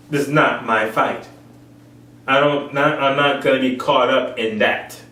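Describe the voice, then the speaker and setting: This man's voice is on the high side and a bit bright as he preaches informally, repeating phrases and acting out others' voices in raised tones. The recording picks him up from far off in an echoey room.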